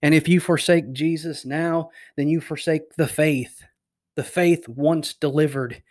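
A man's voice: a little high, steady tone, a little slow, darkish tone. A man preaching a sermon, emphatic, building through repeated phrases. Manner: emphatic, repetitive preaching cadence.

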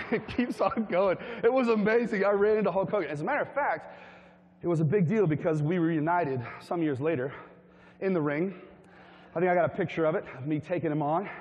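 A man from Tennessee preaching a humorous storytelling sermon, chatty and animated, asking his congregation questions. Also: high-pitched, normal speed, in a large hall, muffled recording. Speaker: pastor. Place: church hall with a congregation.

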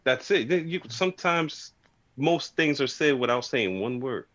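A man co-hosting a podcast in casual chat, an animated storyteller. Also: mid-range voice, a little slow, lo-fi sound. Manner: animated storyteller, breaks into laughter. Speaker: podcast co-host.

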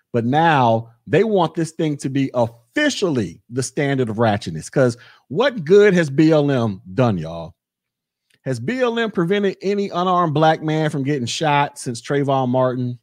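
A man's voice: on the high side, dry recording, clean studio sound. A man hosting an opinionated commentary podcast, talking sarcastically and straight to his listeners. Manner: sarcastic, animated, addresses listeners as y'all. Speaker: podcast host.

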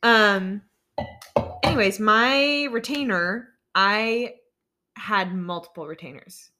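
A woman's voice: medium pitch, slow pace, over music. A young woman co-hosting a podcast, chatting casually and telling rambling, self-deprecating stories. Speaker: podcast co-host. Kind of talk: casual chat.

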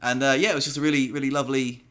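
A man's voice: medium pitch, flat delivery, racing, a bit bright. A man co-hosting a casual podcast in person, rambling with lots of fillers and repeating himself. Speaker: podcast co-host. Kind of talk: casual chat. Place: indoors, in-person podcast recording.

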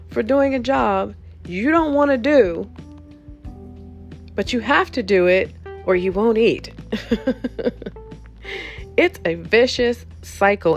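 A woman hosting a podcast, telling a profane comic rant about bad jobs, laughing often as she talks. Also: medium pitch. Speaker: podcast host. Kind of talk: comedic storytelling rant.

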